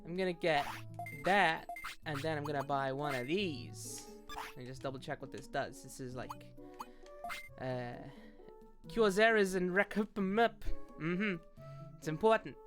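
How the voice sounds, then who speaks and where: A woman's voice: low voice, measured pace, pauses often, music in the background. A woman streaming a video game, chatting with viewers in a playful put-on tough New York voice, laughing often. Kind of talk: casual gameplay commentary.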